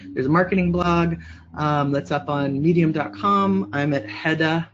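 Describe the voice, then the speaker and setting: A woman's voice: deep voice, steady tone, unhurried, background noise. Rambling woman presenter on a muffled call. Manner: rambling, chatty, with many fillers. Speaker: webinar presenter. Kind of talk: casual presentation and Q&A.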